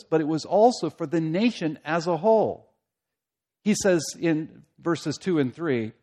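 Earnest man preaching, slightly high voice. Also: darkish tone. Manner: earnest, repeats phrases for emphasis. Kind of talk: expository sermon.

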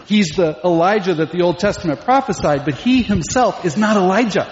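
A man's voice: high-pitched, expressive, a little fast, a little hiss or hum. A man preaching a sermon as pastor, emphatic and full of rhetorical questions. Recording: echoey hall, dull lo-fi sound.

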